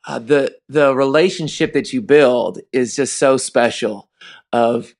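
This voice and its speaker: A man in his thirties, a podcast host and high school football coach, chatting casually and acting out dialogue as he tells stories. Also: measured pace. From Texas. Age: 30s. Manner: storytelling, acts out dialogue, laughs while telling.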